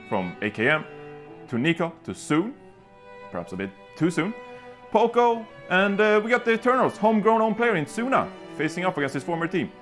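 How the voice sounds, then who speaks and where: A man playing a boastful fake French fan, talking through his nose in a put-on French accent. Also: a little high. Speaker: comedic fan correspondent.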